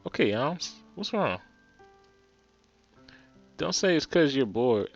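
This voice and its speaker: A sassy, protective big sister, put on by a Jersey man in a raised voice, teases and talks back with bouncy, lively pitch. The sound is slightly muffled with soft game music beneath. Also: slow pace, heavily acted. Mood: teasing. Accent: New Jersey. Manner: defiant and teasing.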